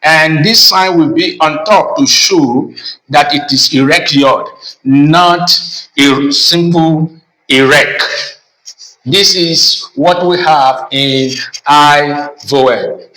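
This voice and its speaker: A man, a pastor, giving a lesson on Hebrew vowels, speaking deliberately and repeating each sound. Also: fairly high pitch, pushed and bright. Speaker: pastor teaching biblical Hebrew. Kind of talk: classroom lesson. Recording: echoey room, distant from mic.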